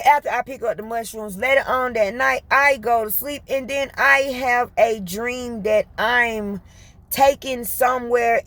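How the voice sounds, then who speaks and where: Woman, fairly high voice, casual storytelling vlog, colloquial, quick bursts, laughs a lot. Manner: animated, colloquial, laughs often; talks fast, in bursts. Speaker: vlogger.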